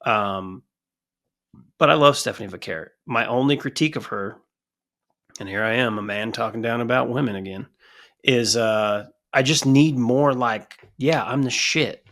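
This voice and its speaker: An American man co-hosts a wrestling podcast, rambling and swearing his way through casual chat. He speaks at normal speed in a mid-range voice, animated and profane throughout.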